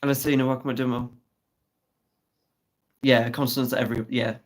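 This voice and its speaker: Reading comments on a casual live stream, a host chats, teases viewers and swears freely, speaking fairly quickly at a medium pitch with little pitch movement. The recording quality is rough.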